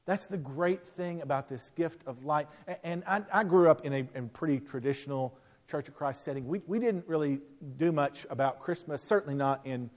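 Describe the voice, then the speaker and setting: A man from the United States preaching a sermon, telling stories with emphatic rises and soft, quiet drops. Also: fairly high pitch, moderate pace. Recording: long reverb of a large hall.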